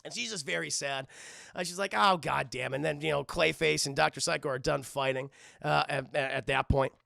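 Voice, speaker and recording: Excitable profane man reviewing cartoons. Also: fairly high pitch, fairly quick, gravelly, no echo, clean studio sound. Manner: excitable, profane, lots of fillers. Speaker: cartoon reviewer streaming live. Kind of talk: casual spoiler review.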